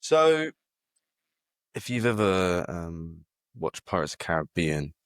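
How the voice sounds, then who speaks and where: Man, very low voice, hesitant rambling podcast talk, dry mic. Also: big pitch swings, slow, no room sound. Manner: rambling, hesitant with many fillers and restarts. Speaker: podcast co-host. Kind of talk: casual chat.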